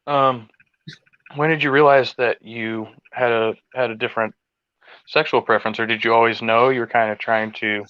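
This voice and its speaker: A man hosting a podcast interview, asking halting questions with restarts over a laggy video call. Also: medium pitch, fairly even intonation, clean tone, no echo. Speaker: podcast host. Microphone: video call with lag. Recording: dull, lo-fi video call audio.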